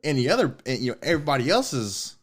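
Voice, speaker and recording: A man, a podcast co-host telling a personal story in casual chat, swearing often and getting excited. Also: mid-range voice, quick pace. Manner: animated, swears a lot, rising excitement.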